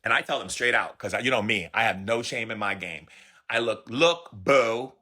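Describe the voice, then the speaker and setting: Man, spiritual teacher, motivational talk, sassy, emphatic, husky voice, forceful. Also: fairly low pitch, fairly quick. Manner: emphatic, sassy, repeats phrases for punch.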